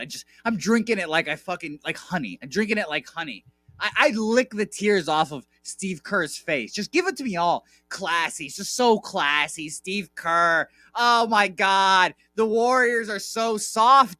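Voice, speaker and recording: A man on a sports betting radio show, talking fast and heated, gloating, swearing and repeating himself. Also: sits high, sharp tone, dry recording.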